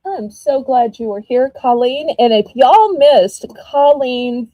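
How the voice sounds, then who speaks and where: A woman with a Southern US accent, chatting casually while running a live-stream auction, animated and full of ums. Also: sits high, slow pace, no echo, phone-quality sound.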